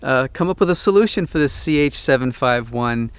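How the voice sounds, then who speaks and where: Smooth, dry-sounding man hosting a DIY vlog. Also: medium pitch, fairly quick, dry recording. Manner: chatty, relaxed, animated when telling a story. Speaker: RV DIY channel host. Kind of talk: casual storytelling vlog.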